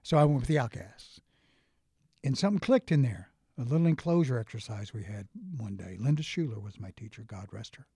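A middle-aged man in casual conversation, telling stories with lively restarts and acted-out quotes. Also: mid-range voice, fairly quick, slightly rough, dry recording, studio quality. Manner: animated storyteller, frequent restarts and acted quotes. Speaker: interview guest.

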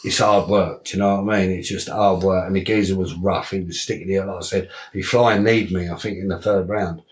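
A man, a boxer and promoter, telling rough fight stories in a casual interview, swearing often and laughing along. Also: deep voice, fairly even intonation, brisk. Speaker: guest, unlicensed boxer and promoter.

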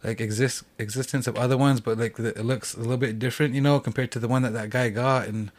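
A man's voice: medium pitch, fairly even intonation. A man as a podcast guest, telling a hunting story in a rambling way, full of "like" fillers. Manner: fast rambling with many "like" fillers. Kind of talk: casual storytelling.

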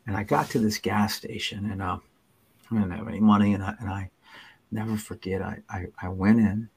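Husky low-voiced man, halting and earnest. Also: little pitch movement. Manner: halting, earnest, many restarts, drops to near whispers. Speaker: podcast guest sharing his recovery story. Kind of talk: personal storytelling in an interview.

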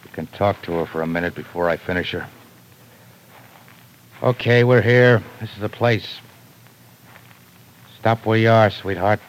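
A man playing a deep-voiced gruff gangster. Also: unhurried, long pauses, a little hiss or hum, close to an everyday voice, low-quality recording. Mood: menacing. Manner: tough-guy slang, clipped. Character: gruff brutal male gangster, hired killer. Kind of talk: 1940s radio acting.

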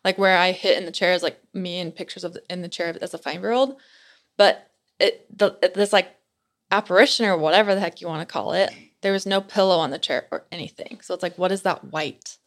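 A woman's voice: fairly low pitch, brisk. A young woman telling a personal story in a casual chat, peppering her talk with "like" and retelling scenes with animation. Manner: chatty, heavy use of "like", animated retelling.

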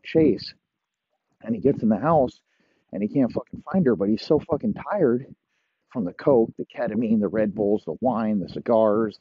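A young man hosting a comedy podcast, rambling through a crude, profane made-up story and dropping into low mock voices for the characters. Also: breathy edge, no echo. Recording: dry, muffled lo-fi audio.

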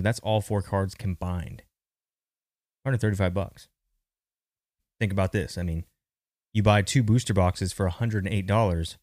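Low-voiced chatty male podcast host. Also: darkish tone, no room sound, clean studio sound. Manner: chatty, thinking aloud with restarts. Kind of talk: casual market commentary.

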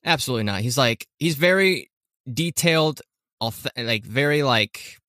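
A podcast co-host, this man chats casually, rambling, correcting himself and laughing often. His mid-range voice is bright and forceful, with lively intonation at a moderate pace, captured in a dry, clean studio recording.

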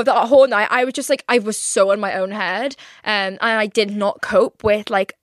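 A woman's voice: medium pitch, steady tone, moderate pace, few pauses, dry recording, clean studio sound. A young woman hosting her own podcast, chatting casually and rambling with lots of swearing and fillers. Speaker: podcast host. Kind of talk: casual solo podcast chat.

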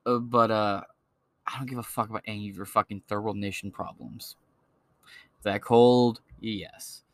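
A man's voice: fairly low pitch, fairly even intonation, normal speed, no echo. A man hosting a podcast, ranting in a blunt, crude and mocking way. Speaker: podcast host. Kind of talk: profane political rant.

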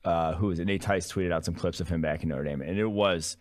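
A man's voice: low-pitched, brisk. A man co-hosting a sports podcast, explaining his points in a wry, analytical way. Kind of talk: casual sports podcast chat.

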